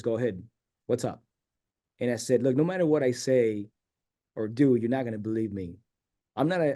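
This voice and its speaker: A middle-aged man from San Diego telling a long personal story as a guest in a casual interview, acting out the voices of people he quotes. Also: medium pitch. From San Diego, California. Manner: rambling, animated storyteller who acts out quoted dialogue.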